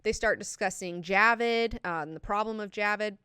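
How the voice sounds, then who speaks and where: A woman hosting a casual book discussion, animated and freely profane. Her voice is bright and clear, with a dry, close sound. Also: mid-range voice, moderate pace, no room sound. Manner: animated, profane, lots of fillers. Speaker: book club host.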